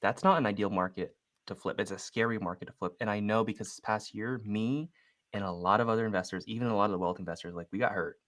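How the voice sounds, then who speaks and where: A young man coaching a real estate agent on a casual call, talking quickly and acting out both sides of his cold calls. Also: fairly low pitch. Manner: quick and animated, acts out phone calls in voices.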